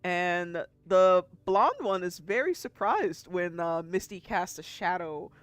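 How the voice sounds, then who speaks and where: A game master narrating a tabletop role-playing game in a relaxed, chatty way. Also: medium pitch, slow pace, clear, resonant tone.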